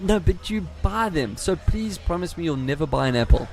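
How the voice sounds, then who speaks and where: An Australian man co-hosting a casual radio tech chat, teasing his co-host with quick banter. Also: on the high side, animated, creaky, a little mellow. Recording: radio podcast with faint background noise.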